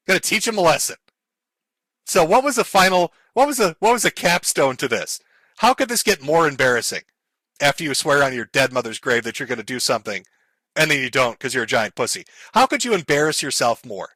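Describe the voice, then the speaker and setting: Male commentary host: high bright voice, dry close sound, crude and mocking delivery with frequent laughs. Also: very animated, a little fast, no echo. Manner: profane, sneering, laughs often.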